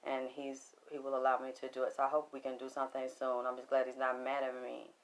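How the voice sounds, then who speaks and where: A woman's voice: a bass voice, completely flat delivery, quick pace. A middle-aged woman with a Southern Atlanta accent, chatting casually on a livestream, laughing often and talking back to viewer comments. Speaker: livestream host.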